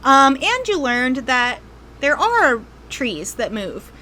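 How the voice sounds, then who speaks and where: A woman game master narrating a tabletop role-playing game, telling the story unhurriedly with frequent ums and pauses. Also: high voice, big pitch swings, pushed and bright.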